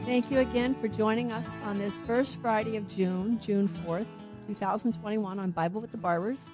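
A woman's voice: mid-range voice, fairly even intonation, normal speed, over music. A middle-aged woman co-hosting a radio Bible program, teaching in an earnest way and asking and answering her own questions.

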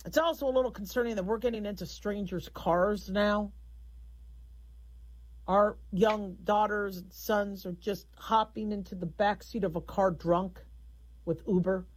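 A woman's voice: mid-range voice, steady tone, unhurried, rough recording. A middle-aged woman hosting a radio call-in show, talking frankly in a rambling, conversational monologue.

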